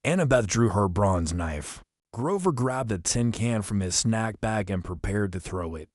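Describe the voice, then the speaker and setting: A man reading an adventure novel aloud as an audiobook narrator, telling the action briskly in the first person. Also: lowish voice, darkish tone, no room sound, studio quality. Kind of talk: scripted storybook narration.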